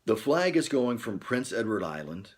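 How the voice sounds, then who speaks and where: A man's voice: fairly low pitch, very animated, normal speed, slightly rough. Rambling, chuckling man hosting a livestream. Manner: rambling, jokey, chuckles often. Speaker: livestream host. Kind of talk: casual live-stream chat.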